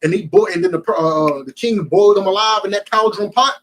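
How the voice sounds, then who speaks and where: A man's voice: high-pitched, a little fast, fairly bright tone, rough recording. A man with a New Jersey accent preaching to a group in an emphatic, streetwise, slangy way.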